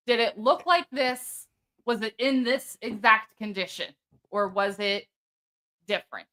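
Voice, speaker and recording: A woman hosting a live true-crime stream, animated and chatty. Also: on the high side, a little slow. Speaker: host.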